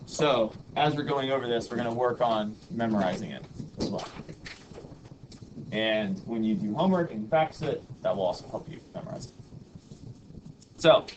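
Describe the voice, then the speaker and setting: During a classroom lecture, a man patiently explains math formulas and leads students in rhythmic chants to memorize them. His mid-range voice keeps a moderate pace with frequent pauses, and the muffled recording has audible background noise.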